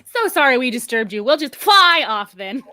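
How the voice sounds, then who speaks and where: A woman's voice: high-pitched, sing-song, normal speed, heavily acted. A woman playing a sly, wordy fox. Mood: prim. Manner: fussy, formal phrasing, often hushed. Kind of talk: stage play acting.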